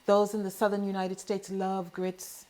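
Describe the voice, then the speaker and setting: A middle-aged woman giving a home cooking demonstration in her kitchen, chatty and relaxed, with homey asides. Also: medium pitch, moderate pace. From Bahamas. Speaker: home cook and farmer.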